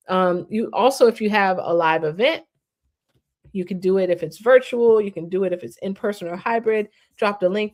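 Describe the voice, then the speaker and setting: A woman hosting a live stream, walking viewers through a new online platform in a casual, upbeat, slangy way. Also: medium pitch. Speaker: host.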